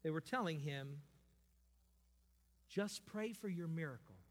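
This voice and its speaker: A man preaching a sermon as pastor, building to slow, emphatic peaks. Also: a little high. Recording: long hall reverb.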